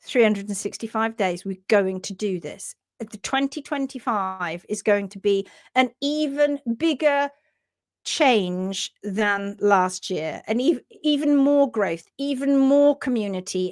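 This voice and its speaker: A woman's voice: medium pitch, a little slow, no room sound, clean studio sound. A British woman hosting a live stream for horse owners, talking earnestly and reading out viewer comments. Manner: earnest and animated, with sudden whispers and laughs.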